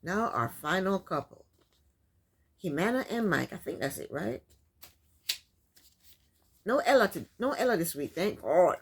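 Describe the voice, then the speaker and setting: A woman's voice: lowish voice, big pitch swings, unhurried, long pauses, husky. A woman casually recapping a reality show, chatty and sassy, often breaking into laughs.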